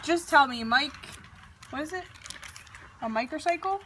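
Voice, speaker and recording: A woman's voice: high-pitched, animated, moderate pace, a bit bright. A young mother in a home video, coaxing her toddlers to say words in a sing-song voice. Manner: coaxing sing-song talk to small children. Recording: noisy home recording.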